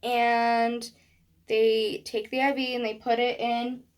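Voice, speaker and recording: A woman telling a personal story in a vlog, animated, acting out what people said. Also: a little high, slow, heavy background noise. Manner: animated storytelling with acted quotes. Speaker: vlogger.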